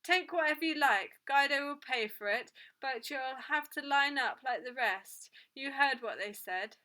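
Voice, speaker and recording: A woman's voice: high-pitched, measured pace, pushed and bright. A woman reading aloud, voicing a harried male café owner who speaks hurriedly and nervously.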